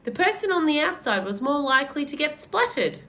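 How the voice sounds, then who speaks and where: A woman voicing a kindly, gentlemanly old male tramp who talks in a polite, old-fashioned, fatherly way. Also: high-pitched, sing-song, brisk, pitched above the performer's own voice, full character voice. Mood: genteel.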